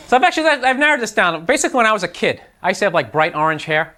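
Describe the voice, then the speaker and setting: A man's voice: high-pitched, expressive, rapid-fire, few pauses, background noise. A man doing a stand-up routine before a live audience, ranting in a frustrated, exasperated way. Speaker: stand-up comedian. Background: audience laughter.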